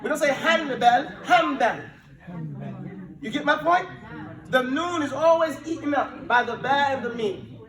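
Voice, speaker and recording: A man with a high voice leads an Arabic language lesson, calling out words for his students to repeat. He explains with lively, emphatic energy, switching between Arabic and English. He sounds some way from the mic in an echoey classroom. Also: normal speed. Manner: drills students with call-and-response, mixing Arabic and English. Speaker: Arabic teacher. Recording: echoey room, mic at a distance.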